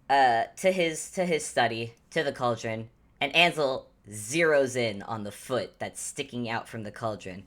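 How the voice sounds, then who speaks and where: Very deep-voiced woman game master. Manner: animated, descriptive, self-correcting. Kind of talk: narrating a tabletop game.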